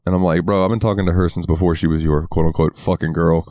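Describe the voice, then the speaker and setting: Fast-talking and low-pitched, this Southern American podcast co-host keeps a level, mellow tone as he tells stories in casual conversation. He acts out quotes in a raised voice and swears often. The studio-quality recording is dry.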